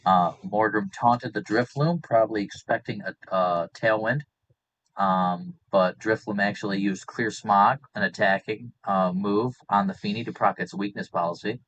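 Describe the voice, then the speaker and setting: Deep-voiced man recapping a match. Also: fairly bright tone, highs cut off. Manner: methodical, many filler pauses. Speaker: draft league recap co-host. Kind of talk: casual play-by-play recap.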